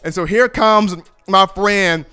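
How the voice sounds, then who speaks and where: Casting: male commentator, high-pitched, smooth, clear voice, lively storyteller. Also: takes it slowly, faint music behind. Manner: animated storyteller, colloquial. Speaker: sports commentator. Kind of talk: casual sports commentary.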